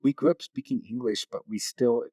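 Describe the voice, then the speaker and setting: A man's voice: medium pitch, normal speed, mellow, husky, no room sound. A man, a community knowledge keeper, talking easily in an interview and telling stories. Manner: easygoing storyteller. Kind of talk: casual interview talk.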